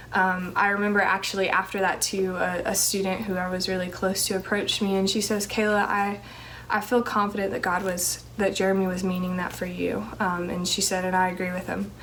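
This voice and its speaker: Woman, young adult, monotone delivery, earnest testimony, faint background hiss. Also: medium pitch, moderate pace, poor audio. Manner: earnest, with many fillers and restarts. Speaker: teacher sharing a ministry calling testimony. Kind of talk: personal testimony.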